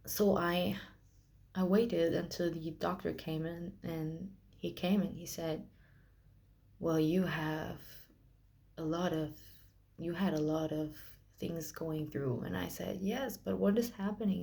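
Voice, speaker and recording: A young woman telling her own hospital story in a personal vlog, emotional and halting, with many restarts. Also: fairly low pitch, steady tone, gravelly, mellow.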